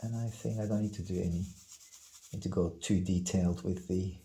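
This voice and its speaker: A man teaching drawing, talking calmly and unhurriedly, often repeating single words under his breath as he works. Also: low-pitched, poor audio. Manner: calm, unhurried, muttering repeated words while sketching. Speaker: art instructor. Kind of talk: slow drawing tutorial narration.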